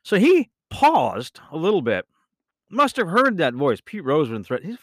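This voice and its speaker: A man hosting a podcast, telling a rambling personal story in a casual, animated way, often correcting himself mid-sentence. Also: a little high, moderate pace, no room sound, clean studio sound. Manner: animated, rambling, with self-corrections and bursts of laughter. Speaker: podcast host.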